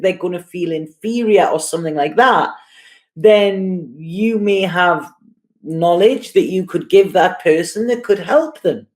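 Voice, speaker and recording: A woman giving a casual tarot reading, talking in an unhurried way and often checking in with "you know" and "okay". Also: fairly low pitch, darkish tone. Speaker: tarot reader.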